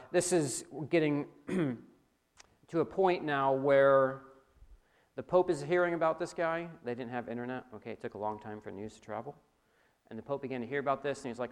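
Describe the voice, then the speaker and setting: A man preaching a sermon, talking straight to his audience with animated emphasis. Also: mid-range voice. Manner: animated, rising emphasis, addresses audience directly. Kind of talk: sermon lecture.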